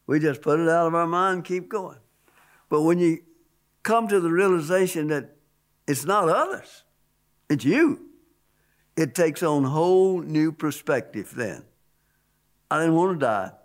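Man delivering a religious testimony; emphatic and repetitive, raised slightly high voice on stressed points. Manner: emphatic, repeats key words, voice rises on stressed points. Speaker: testimony speaker. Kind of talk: spoken testimony.

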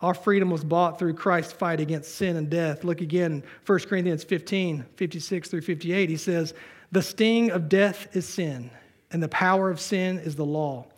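A man with a high-pitched voice is preaching in a church. He reads scripture passages aloud and breaks into relaxed, joking asides to the congregation. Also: normal speed, slightly rough. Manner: conversational preaching with humor, reading scripture aloud. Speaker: pastor. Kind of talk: sermon.

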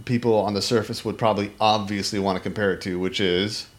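A man's voice: fairly low pitch, fast talker. A man talking casually about a film on a podcast, rambling with many restarts and acting out lines in voices. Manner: animated, rambling, many restarts and fillers, acts out quotes. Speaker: podcast co-host.

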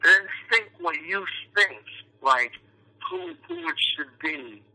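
A man's voice: sits high, wildly swooping pitch, takes it slowly, vocal fry, sharp tone, poor audio. A man from New York, an actor guest chatting casually in an interview, rambling with lots of fillers and restarts.

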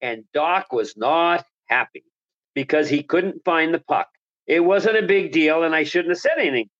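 A man's voice: a little high, lively intonation, moderate pace, fairly bright tone, highs cut off. A man who was a hockey color analyst, telling a long story as an interview guest, enthusiastic and rambling with restarts.

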